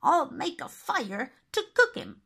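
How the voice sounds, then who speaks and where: A woman's voice: high-pitched, sing-song, slow pace, creaky, pushed and bright, voice pushed up, heavily acted. A woman voicing a wicked old witch in a storybook reading, sing-song and gleeful with cackling laughs.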